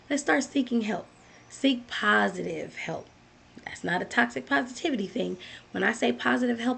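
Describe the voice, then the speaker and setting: A woman's voice: mid-range voice, vocal fry, husky. A woman giving a motivational talk, earnest and direct, repeating key phrases as she speaks to the listener.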